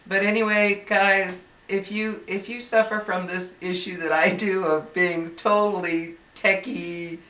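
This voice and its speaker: A woman's voice: mid-range voice, steady tone, a little slow, few pauses, a bit bright. An older woman with grandchildren talks to her viewers in a rambling, exasperated vlog, often stopping and restarting her sentences. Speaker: YouTuber. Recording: roomy echo, distant mic.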